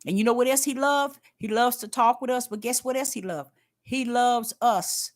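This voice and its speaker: An older woman giving a casual spiritual testimony, folksy and emphatic, repeating herself and swinging between loud and hushed. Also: fairly high pitch, normal speed. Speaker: faith talk host.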